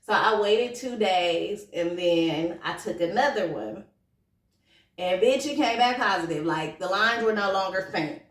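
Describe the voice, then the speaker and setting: A woman in her thirties telling a personal story to camera in a chatty, animated, slangy way that turns emotional. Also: mid-range voice, unhurried, distant mic. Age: 30s. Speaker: vlogger. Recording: roomy echo, from off the mic.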